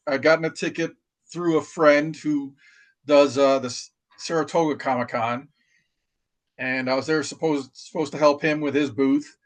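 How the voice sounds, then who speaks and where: A middle-aged man tells stories of his service in loose, casual podcast chat. His voice sits a touch high for a man, and he circles back on his words with frequent uhs and restarts. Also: steady tone, moderate pace. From New York. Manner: rambling, many restarts and fillers. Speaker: podcast guest, retired Marine. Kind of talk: casual storytelling.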